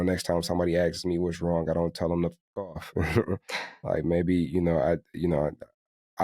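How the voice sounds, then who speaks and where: A man's voice: deep voice, warm tone, dry recording, clean studio sound. A man co-hosting a podcast, talking in a reflective, casual way with many fillers. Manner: reflective, full of fillers like "you know". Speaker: podcast co-host.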